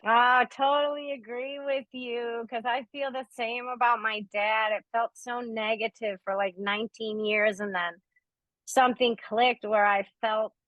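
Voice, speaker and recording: A woman's voice: on the high side, a little slow, no echo, highs cut off. Encouraging woman hosting a video call. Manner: encouraging, affirming, animated. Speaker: host of a spiritual group session. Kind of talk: supportive group discussion.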